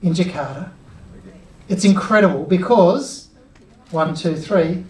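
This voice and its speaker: A middle-aged man giving an energetic live workshop, chatty and drawing the audience in. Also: sits high, unhurried, pauses often, very noisy. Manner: upbeat, chatty, involves the crowd. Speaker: workshop presenter. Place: cinema auditorium with audience. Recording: roomy auditorium sound from a distance.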